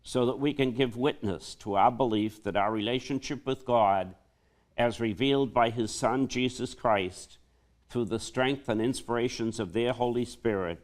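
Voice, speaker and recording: A male priest delivering a homily in a slow, measured preaching manner. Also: mid-range voice.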